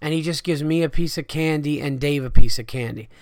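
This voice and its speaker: A man hosting a podcast, telling a story casually, animated and swearing freely, loudly acting out his friends' lines. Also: a little high, brisk, no room sound, clean studio sound. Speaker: podcast host.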